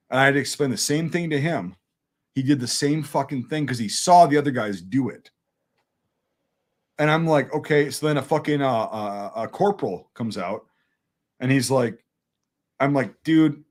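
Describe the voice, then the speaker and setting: A man from Wisconsin with a mid-range voice tells an old service story to friends in a loose chat. He swears a lot and bounces into the voices of the people he quotes. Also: mid-range voice. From Wisconsin, USA. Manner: profane, animated, acts out quoted dialogue. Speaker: military veteran telling a war story.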